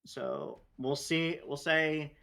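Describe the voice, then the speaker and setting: A man's voice: on the high side, slow, pushed and bright. Guy gm-ing a tabletop game, rambly, lots of um and like. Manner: loose, rambling with many fillers and restarts. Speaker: game master. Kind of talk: running a tabletop game session.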